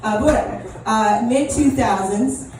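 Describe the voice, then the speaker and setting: A woman's voice: fairly high pitch, unhurried, darkish tone. Rambling woman doing stand-up in an echoey club. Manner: rambling, self-deprecating, many ums and restarts. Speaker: stand-up comedian. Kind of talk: open mic stand-up set. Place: small comedy club. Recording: echoey room, distant mic, audible room noise.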